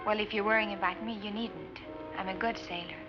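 A woman's voice: medium pitch, steady tone, fairly quick, close to an everyday voice. Woman playing a poised young daughter, polite but pushy, muffled old movie sound with music. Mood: insistent. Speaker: scientist's daughter. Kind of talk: 1950s film acting.

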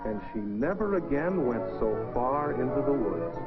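A man narrating a children's story in a gentle, lilting voice, speaking to young listeners. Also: medium pitch, very animated, normal speed. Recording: dull lo-fi record with music.

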